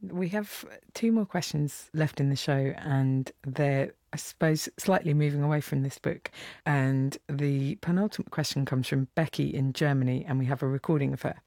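A woman hosting a book club interview, introducing questions in a brief, measured way. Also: low voice, warm tone, dry recording, studio quality.

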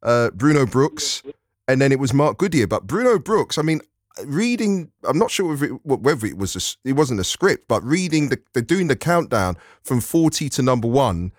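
A man's voice: mid-range voice, big pitch swings, moderate pace, dry recording, clean studio sound. A man presenting a radio phone-in, talking in a friendly, casual way with a few hesitations. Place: radio studio.

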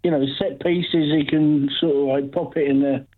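A man calling into a sports radio show, halting and stumbling as he explains his view. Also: fairly high pitch, fairly even intonation. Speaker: caller. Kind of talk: phone-in call. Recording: thin phone line.

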